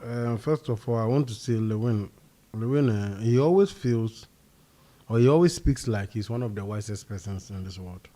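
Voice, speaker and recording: A man's voice: fairly low pitch, moderate pace, mellow. A man with a Ghanaian accent, an emphatic panelist in a discussion. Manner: emphatic, mixing English and Twi.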